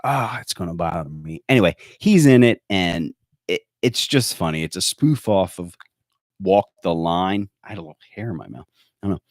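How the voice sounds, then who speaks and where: A man's voice: sits low, animated, moderate pace, no echo, clean studio sound. A man hosting a podcast in casual chat, rambling and joking, with lots of fillers and restarts. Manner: rambling, joking, self-correcting with many fillers. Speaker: podcast host.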